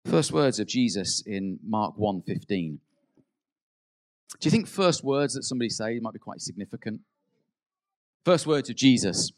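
A man preaching a sermon in an earnest way. He rises to emphatic peaks, then drops soft, and acts out quoted prayers. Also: fairly low pitch, expressive, normal speed, long pauses.

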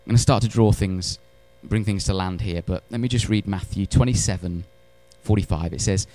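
A man preaching a sermon in church, animated, swinging between loud emphatic lines and hushed ones, with wry humorous asides. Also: fairly low pitch, fairly quick. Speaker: pastor.

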